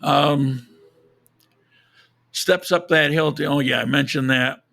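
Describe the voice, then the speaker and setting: A man with a hoarse, froggy voice and a gravelly edge hosts a live podcast from a desk mic, a little higher-pitched than most men. He chats casually, rambling and restarting his sentences. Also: steady tone, takes it slowly, pushed and bright. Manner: rambling, self-correcting, chuckles at own jokes. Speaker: podcast host. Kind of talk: casual live-stream chat.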